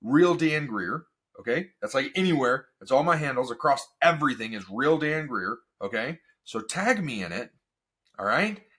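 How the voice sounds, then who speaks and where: A man hosting a casual solo podcast, energetic and full of rhetorical questions. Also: mid-range voice, moderate pace, husky. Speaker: podcast host.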